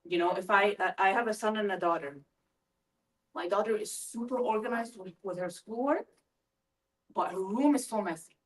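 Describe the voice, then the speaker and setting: A middle-aged woman presents a live workshop for parents in a lively, engaging way, often turning questions to her listeners. Her voice sits at an ordinary middle pitch. It is picked up from some distance from the microphone. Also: moderate pace. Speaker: school family-engagement presenter. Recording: voice from a distance from the mic.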